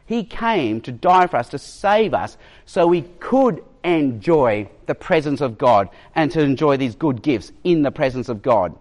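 A man preaching a sermon as a pastor, emphatic and given to storytelling, with jokes and pauses for effect. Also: mid-range voice, big pitch swings, a little mellow. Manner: storytelling, emphatic, varies his pace.

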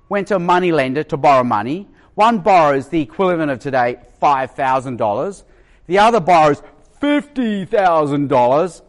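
A man preaching a sermon, animated and acting out quoted voices. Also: high-pitched.

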